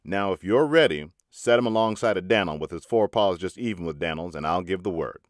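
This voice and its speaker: Guy voicing a cocky old-west gambler, low folksy drawl, dry sound. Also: animated, a little fast, no room sound. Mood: easy-going. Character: boastful frontier gambler, man, easygoing and proud.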